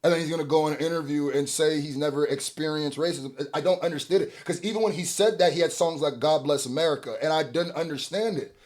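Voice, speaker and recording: Excitable man reacting to music. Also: on the high side, fast talker, few pauses. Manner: excitable, swings between hype and mumbled asides. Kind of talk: casual album reaction commentary.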